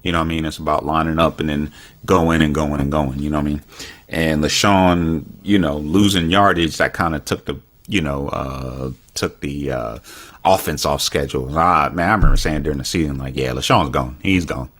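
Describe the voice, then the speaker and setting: A very deep-voiced man co-hosts a podcast, chatting casually about sports at normal speed. His tone is fairly bright with fairly even intonation, and he rambles with many fillers and restarts.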